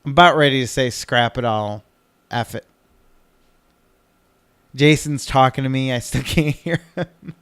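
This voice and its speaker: A man's voice: medium pitch, unhurried, long pauses, fairly bright tone, clean tone, dry recording. A man in his thirties co-hosting a casual podcast from home, rambling and cutting himself off, cursing when flustered. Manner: rambling, self-interrupting, swears when flustered. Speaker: podcast co-host.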